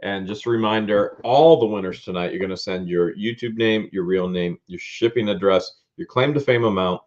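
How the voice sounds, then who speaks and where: A man hosting a live-stream auction, loudly calling out lots and prices with excitement. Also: fairly low pitch, normal speed, highs cut off. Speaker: livestream auction host.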